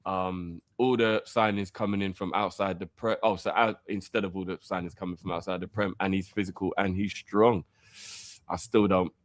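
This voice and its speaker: A man hosts a live fan show. He chats, teases the others and reads out viewer messages with lively energy. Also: low voice, dry recording. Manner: animated, laughing, quick to tease. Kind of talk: casual live-stream banter and reading viewer messages.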